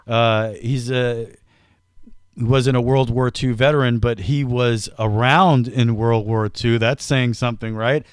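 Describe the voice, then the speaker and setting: A man hosting a casual comedy podcast, teasing his co-host, talking in quick bursts and laughing often. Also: mid-range voice, fairly even intonation, clear, resonant tone, no room sound, studio quality.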